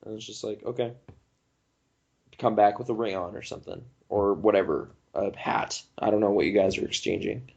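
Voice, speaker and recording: A man co-hosting a podcast, joking and cutting in with quick questions. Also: on the low side, creaky, darkish tone, highs cut off. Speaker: podcast co-host. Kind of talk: casual chat.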